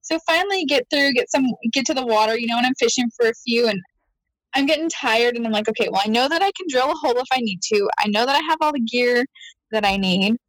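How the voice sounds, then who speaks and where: A high-voiced woman tells a story in casual conversation. She is animated, laughs often and acts out what she said. The sound is dry and close. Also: fast, no echo, low-quality recording. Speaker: guest.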